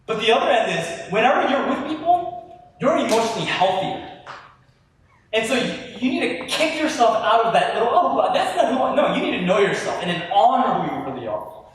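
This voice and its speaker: A male pastor preaching a sermon to a live audience, animated and chatty, talking straight to the crowd. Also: high voice, fairly quick, a little hiss or hum. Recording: echoey hall from far off.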